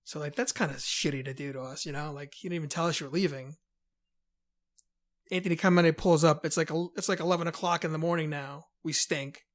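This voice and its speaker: Man from new york, podcast guest, fairly high voice, chatty storyteller. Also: quick pace. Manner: chatty, lively storyteller who acts out quotes. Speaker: podcast guest, band member. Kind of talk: casual storytelling chat.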